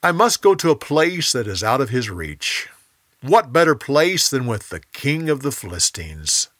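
A loyal young warrior , as a male storyteller puts him on, firm and earnest in a bright, dry read. His lines come slow and deliberate. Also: medium pitch, sing-song, no room sound. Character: young warrior David, a loyal future king.

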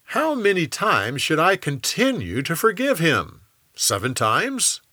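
A man's voice: a little high, wildly swooping pitch, unhurried, pushed and bright, no echo, clean studio sound, voice pushed up, heavily acted. A man voicing an earnest adult disciple asking a question. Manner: earnest, inquiring.

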